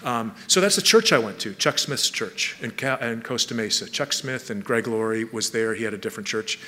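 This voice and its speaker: Bright-voiced man telling his story in a hall. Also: mid-range voice. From Southern California. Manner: halting, many restarts and repeated words. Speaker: speaker sharing testimony. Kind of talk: personal testimony to an audience. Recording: long hall reverb, faint ambience.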